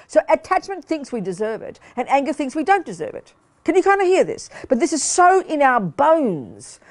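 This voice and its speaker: A woman's voice: high-pitched, sing-song, normal speed, darkish tone. An older woman giving a Buddhist teaching to a study group, emphatic and full of rhetorical questions to the audience. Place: meditation hall in a study center.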